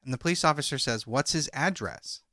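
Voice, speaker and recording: A man's voice: medium pitch, lively intonation, fairly quick, bright, forceful tone, no room sound, clean studio sound. A man co-hosting a true crime podcast, recounting a call transcript and reading out each speaker's lines. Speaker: podcast co-host.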